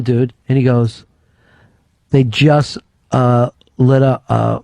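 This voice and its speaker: A man hosting a talk radio show, telling a story in casual, profane, excitable chat. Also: a little high, no echo. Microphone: studio mic.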